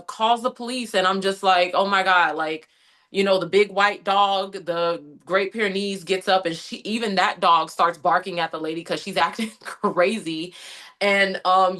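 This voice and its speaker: Bright-voiced woman telling a story. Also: medium pitch. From United States. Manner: animated storytelling, frequent "like" and quoted inner thoughts. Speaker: interview guest. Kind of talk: conversational interview recounting an incident.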